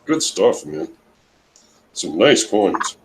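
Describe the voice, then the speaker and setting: A man's voice: low-pitched, sing-song, drawn-out words, over music. An easygoing man in a casual chat, laughing along as co-host.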